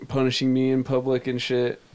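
A man speaks in a smooth, resonant voice. He is blunt and laid-back, and he swears casually. He keeps the casual podcast chat loose and easy. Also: medium pitch, monotone, fairly quick, darkish tone. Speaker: tattoo artist, guest.

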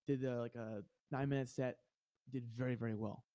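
Halting New Jersey comedian, dry sound. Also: male voice, mid-range voice, fairly even intonation, warm tone, dry recording. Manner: halting, repeats words when starting a thought. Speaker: guest comedian. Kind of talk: casual chat.

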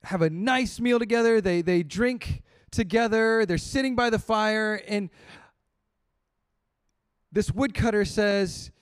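A man preaching a sermon as pastor, telling a story with lively acted-out voices and dropping to quiet emphasis on key points. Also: slow, smooth. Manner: storytelling, acts out quoted voices with rising pitch.

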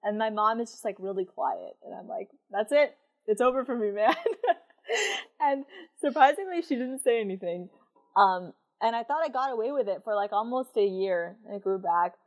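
A woman's voice: medium pitch, animated, moderate pace. A young woman telling a personal story in casual chat, with lots of fillers and frequent laughter.

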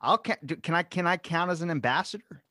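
A man's voice: on the high side, fast, dry recording, studio quality. A man hosting a podcast, teasing his guest and jumping in with jokes. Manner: teasing, animated, jumps in with jokes. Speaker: podcast host. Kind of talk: casual podcast chat.

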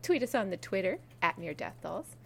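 A woman co-hosting a podcast in casual chat, talkative and quick to laugh. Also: mid-range voice, creaky, breathy edge. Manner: chatty, laughs often, lively. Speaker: podcast co-host.

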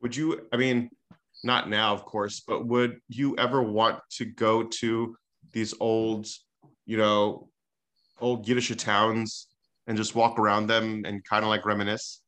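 A man hosting a casual podcast with his mother, halting and repeating himself as he tries to steer the talk. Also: lowish voice, level tone, a bit bright. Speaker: host, son. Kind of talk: casual family podcast chat.

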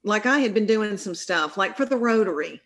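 A woman's voice: medium pitch, lively intonation, moderate pace. A middle-aged woman with a real Southern accent, a comedian guest chatting in an interview, folksy and rambling, often breaking off and restarting. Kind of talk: casual interview storytelling.

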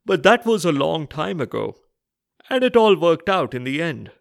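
A man playing an earnest, fussy legendary king who talks in a slow, deliberate, officious way, in a storytelling podcast. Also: fairly high pitch, sing-song, creaky, dry recording, clean studio sound. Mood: polite.

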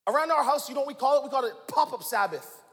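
A man in his forties preaching a sermon, swinging from hushed lines to shouts and calling out to the congregation. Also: extremely high pitch, lively intonation, fast talker, big-room sound. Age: 40s. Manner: dramatic swings from hushed to shouting, call-and-response with the crowd. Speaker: pastor.

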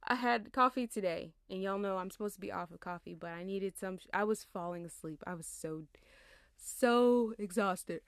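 A woman's voice: mid-range voice, fairly even intonation, brisk, vocal fry, hardly any pauses, fairly bright tone, clean tone, no room sound. Tired, chatty young woman, dry close mic. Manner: chatty, laughs and digresses, slangy. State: tired, yawning. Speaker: podcast host. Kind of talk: casual rambling monologue.

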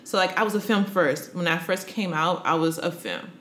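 A woman telling a personal story in casual chat, animated, with many fillers, often acting out what others said. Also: on the low side, moderate pace, roomy sound, a little hiss or hum. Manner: animated, acts out quoted voices, many fillers. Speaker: interview guest.

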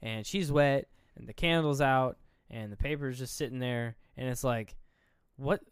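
An animated young man retelling a film. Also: mid-range voice, moderate pace, clean tone, no room sound, clean studio sound. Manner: animated retelling, acting out characters' lines. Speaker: podcast co-host. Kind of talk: casual movie recap chat.

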